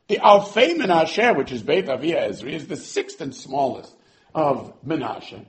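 A man teaching a scripture class in an animated way, repeating words as he goes and weaving in Hebrew terms. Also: a little high, measured pace. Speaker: Torah teacher.

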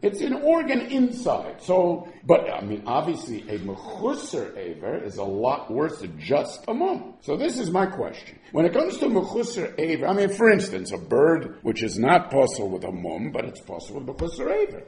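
A man's voice: on the high side, huge pitch swings, moderate pace, hardly any pauses, a little mellow, reverberant. A man teaching a Talmud lesson, asking and answering questions back and forth as he explains.

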